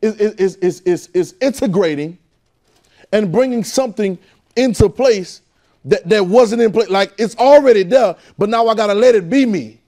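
In a preaching manner, a man leads a Bible class, emphatically repeating lines and calling out questions for the room to answer. His voice sits high and creaky with a dark tone, moving at a normal speed.

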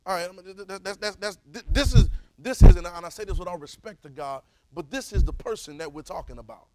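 A man, teaching a Bible class in a preaching style, calling for responses and swinging from soft to loud. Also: high-pitched, fairly quick, dry recording, poor audio.

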